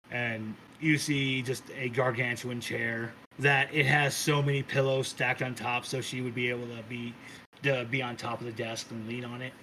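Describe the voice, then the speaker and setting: A man's voice: medium pitch, pushed and bright, a little hiss or hum, poor audio. Casual man narrating a tabletop game. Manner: loose, casual narration with restarts and swearing. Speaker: game master.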